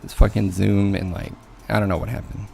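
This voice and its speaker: Soft music plays behind a low, gravelly, mellow male voice that moves fairly quickly with little change in pitch. The coding learnalong streamer is casually venting about a rough job interview, cursing and mocking others through quoted voices in a loose, chatty way.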